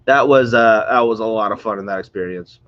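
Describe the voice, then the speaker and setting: A man's voice: fairly low pitch, brisk, highs cut off. A man hosting a casual livestream, rambling and chatty while sounding congested and under the weather. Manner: rambling, chatty, greets viewers. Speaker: livestream host. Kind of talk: casual live-stream chat. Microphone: close to a screen or phone.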